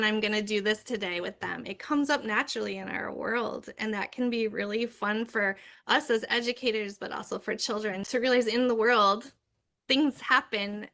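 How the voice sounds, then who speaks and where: Bright, chatty woman educator. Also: medium pitch. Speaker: youth services manager and former preschool teacher. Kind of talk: casual conversational explanation.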